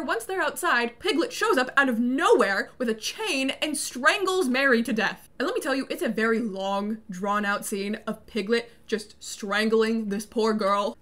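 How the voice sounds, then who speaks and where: Young woman, high bright voice, sarcastic casual movie recap, lots of "like". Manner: sarcastic and incredulous, fond of the filler "like". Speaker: YouTuber recapping a horror movie.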